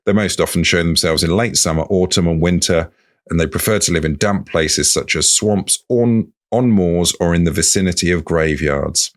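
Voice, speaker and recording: A man's voice: sits low, normal speed. A man co-hosting a comic folklore podcast, reading book passages aloud in a playful way. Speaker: podcast co-host.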